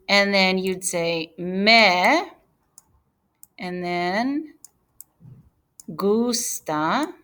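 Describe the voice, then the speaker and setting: Female teacher, unhurried, patient and explanatory, recorded on a computer mic for a lesson. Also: mid-range voice, a bit bright. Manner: patient, explanatory, with fillers and self-corrections. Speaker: Spanish teacher. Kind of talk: screen-share grammar lesson.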